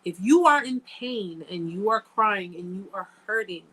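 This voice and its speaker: A woman's voice: medium pitch, expressive, a little slow, fairly bright tone, breathy edge, rough recording. A woman hosting a live-stream chat, talking earnestly and emphatically straight to her viewers. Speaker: host answering live chat.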